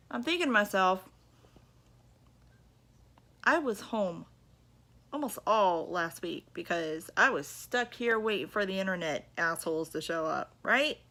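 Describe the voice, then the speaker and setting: A woman's voice: medium pitch, expressive, slow, long pauses, sharp tone. A woman vlogging from her apartment, telling a story to her viewers in a chatty, indignant way. She keeps checking in with them by asking "okay?" and "you know?". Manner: indignant, emphatic retelling. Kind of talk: casual storytelling to camera.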